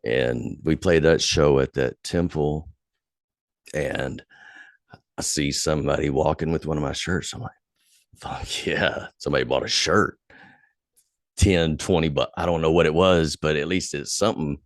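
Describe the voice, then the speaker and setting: A man's voice: rumbling low, moderate pace, dry recording, studio quality. A man hosting a podcast, casually telling a story with lots of swearing, getting heated as he recalls old anger. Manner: profane, animated when retelling anger. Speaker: podcast host.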